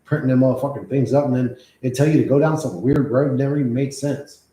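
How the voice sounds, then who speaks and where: Brief: mellow-voiced man, loose and profane livestream chatter, echoey room. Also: medium pitch, fast talker, a little hiss or hum. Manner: profane, rambling, reacts to chat. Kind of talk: casual livestream chat.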